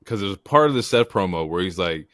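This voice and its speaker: A man's voice: sits low, expressive, fast, fairly bright tone, no room sound, clean studio sound. A man co-hosting a casual wrestling podcast, asking questions and chiming in. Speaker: podcast co-host. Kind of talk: casual wrestling recap chat.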